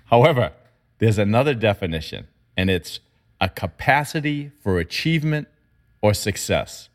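A man discussing marketing in an emphatic, animated way, his pitch jumping up when he makes a point. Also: moderate pace. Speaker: marketing commentator. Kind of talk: conversational discussion.

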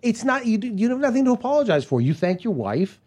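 A man's voice: extremely high pitch, big pitch swings, quick pace, crowd noise. A man, a voice actor guest, teasing dryly and deflecting praise in casual podcast chat. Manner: dry, self-deprecating teasing.

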